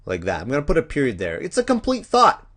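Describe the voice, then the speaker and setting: A man teaching a punctuation lesson, explaining step by step in an animated, playful way. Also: fairly high pitch, fast talker. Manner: animated, playful, acts out examples.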